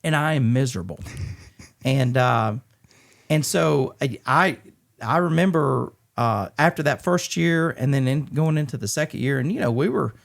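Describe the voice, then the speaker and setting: A middle-aged man from Georgia in the US, speaking as a podcast guest. His mid-range voice has a gravelly edge. He tells his story candidly and earnestly, often stopping to restart a thought. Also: mid-range voice. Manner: earnest, halting, frequent restarts and fillers.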